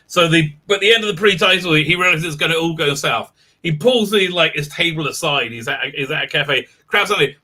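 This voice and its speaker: A man's voice: a little high, bright, forceful tone. A man hosting a casual live stream, talking in a rambling, sardonic way with many restarts.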